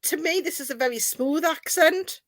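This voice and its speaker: A woman's voice: high-pitched, normal speed, no room sound. A woman from Newcastle with a Geordie accent, chatting casually on a video call. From Newcastle, northeast England. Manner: chatty, animated, laughs often. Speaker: guest.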